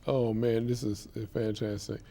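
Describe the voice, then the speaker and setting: A man hosting an interview, speaking haltingly with fillers and repeated words and offering frequent short affirmations. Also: lowish voice, flat delivery, a loud crowd. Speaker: host.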